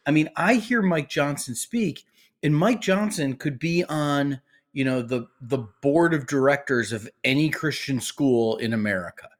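Higher-voiced man talking in halting bursts. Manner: halting, restarts often, earnest. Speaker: podcast co-host. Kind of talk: casual political discussion.

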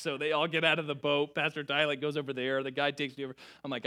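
A young adult man preaching a sermon, telling a self-mocking story with lively, animated delivery before reading scripture. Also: mid-range voice, moderate pace. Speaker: pastor.

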